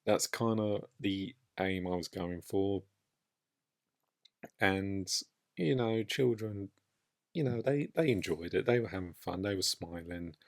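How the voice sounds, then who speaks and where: Man, low voice, solo podcast host, casual, enthusiastic, rambling. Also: slow, darkish tone.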